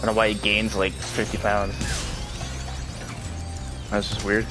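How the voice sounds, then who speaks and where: Low guy chatting loosely over a game, lots of "like", game music loud in the back. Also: completely flat delivery, a little slow. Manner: rambling, with frequent filler "like". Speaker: let's play commentator. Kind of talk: casual gameplay commentary. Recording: game music playing underneath.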